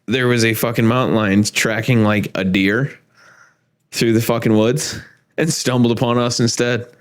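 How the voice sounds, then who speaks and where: Young man hosting a casual podcast, telling a tale with plenty of swearing and laughter. His delivery is loose, animated and conversational, in a mid-pitched male voice. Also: moderate pace. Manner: profane, laughing, animated storyteller. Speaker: podcast host. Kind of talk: casual storytelling chat.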